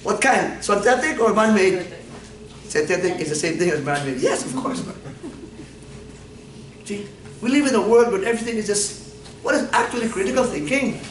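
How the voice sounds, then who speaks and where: A man's voice: high voice, expressive, brisk, a little hiss or hum. A man lecturing on anatomy in a classroom, playfully quizzing his students and laughing often. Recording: echoey classroom from far off.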